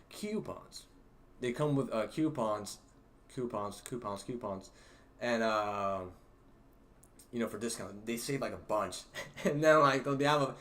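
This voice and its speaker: A young man hosting a livestream, telling stories about work in a rambling, halting way with many fillers and laughs. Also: fairly low pitch. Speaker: livestream host. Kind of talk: casual storytelling to a livestream chat.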